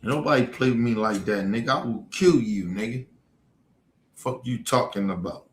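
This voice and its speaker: A man's voice: mid-range voice, moderate pace, slight background noise. A man delivering an angry, profane, threatening rant as a livestream host. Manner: profane, heated, threatening, repetitive. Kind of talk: angry ranting monologue. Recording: echoey room.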